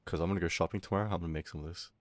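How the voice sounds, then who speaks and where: A young man streaming, chatting with his chat in a loud, swearing, laughing, animated rant. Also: deep voice, rapid-fire, dry recording, clean studio sound. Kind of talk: casual stream chat reading chat.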